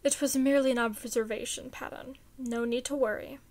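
Woman reading as a tired formal guy, clipped and flat, highish voice. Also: a little fast, lightly acted. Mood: firm, bitter. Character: calm, stiff, weary logical man.

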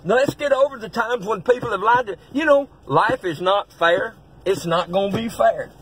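High, bright-voiced preacher, folksy and blunt. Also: male voice, moderate pace, slightly rough, poor audio. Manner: folksy, blunt, rising to shouts. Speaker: pastor. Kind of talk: fiery preaching-style pep talk.

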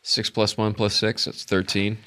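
Bright-voiced male game master. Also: lowish voice, little pitch movement, unhurried. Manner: rambling, full of uh fillers. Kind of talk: narrating a tabletop game.

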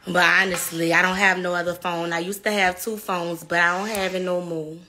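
A woman's voice: fairly low pitch, level tone, a little fast, pushed and bright, slight background noise. A young woman from New Orleans in a casual chat, talking in a playful, brash way and swearing as she teases.

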